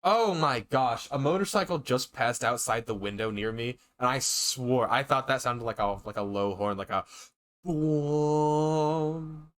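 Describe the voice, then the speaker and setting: A streamer reading a game aloud and chatting on a live stream, excitable and talkative. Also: mid-range voice, a little slow. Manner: animated, exclaims and chatters between reading.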